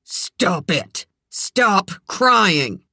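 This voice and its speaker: A reader performs a possessive, menacing man in an audiobook thriller. He draws his words out slowly in a low, measured voice that can break into shouting. The recording is close and dry. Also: very animated, no echo, full character voice. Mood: raging. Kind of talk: audiobook character voice.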